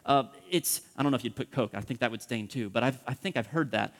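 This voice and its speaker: A man preaching a sermon as pastor, impassioned, acting out prayers and dropping from loud pleading to hushed whispers. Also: mid-range voice, quick pace, big-room sound.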